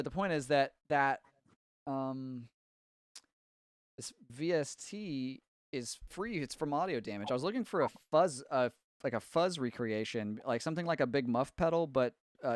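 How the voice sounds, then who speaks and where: A man's voice: mid-range voice, smooth, no echo, studio quality. A man from Tennessee, hosting a casual live stream about mixing and rambling loosely while he fixes his setup. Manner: rambling, distracted while fixing his setup, frequent fillers.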